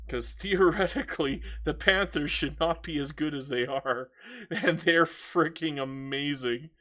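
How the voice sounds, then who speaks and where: A man's voice: fairly high pitch, measured pace, bright, forceful tone. A man streaming a strategy game, chatting casually and ranting with frequent laughs and stammered restarts. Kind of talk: casual chat while gaming.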